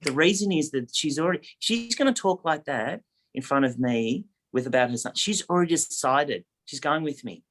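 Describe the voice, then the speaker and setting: A man, a real estate agent telling a story and coaching in a casual, animated way. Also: on the high side, normal speed. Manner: animated anecdote teller, lively, acts out quotes.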